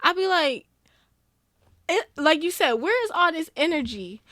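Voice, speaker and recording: A woman hosting a casual podcast chat, running a question game with a guest, playful and quick to laugh. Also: extremely high pitch, sing-song, fairly bright tone, no room sound, clean studio sound. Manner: playful, laughs often, dialect speech. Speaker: podcast host.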